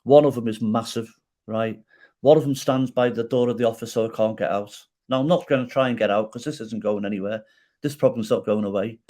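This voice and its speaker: A middle-aged podcast guest tells a personal story in a fairly low, brisk voice. He animatedly acts out quoted dialogue and checks in with the listener, tagging lines with "right?".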